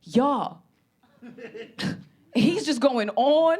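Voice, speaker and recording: A woman comedian with a high voice delivers a stand-up set. Her storytelling is brash and animated. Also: normal speed.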